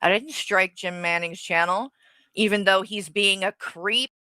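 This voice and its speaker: Bright-voiced, foul-mouthed woman streamer. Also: mid-range voice, a little slow, no room sound. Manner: angry, profane, reads comments aloud. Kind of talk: live stream rant.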